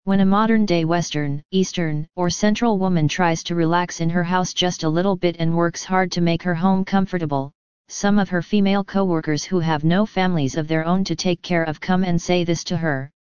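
Woman storyteller, lowish and very clear, even matter-of-fact read, dry slightly dull sound. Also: moderate pace, no echo. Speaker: narrator. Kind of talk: scripted story narration.

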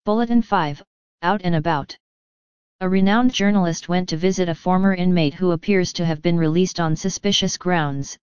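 Woman storyteller, very smooth, dry and slightly dull recording. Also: lowish voice, moderate pace, a little mellow, no echo. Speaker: narrator. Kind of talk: scripted story narration.

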